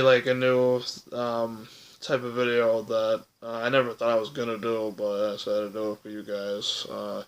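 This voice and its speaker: A young man speaks to his viewers in a personal vlog, hesitant and earnest, stopping often for fillers. His voice is gravelly, with a flat, even delivery that barely rises or falls. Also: fairly low pitch, rough recording. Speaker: vlogger. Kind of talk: personal vlog talk to camera.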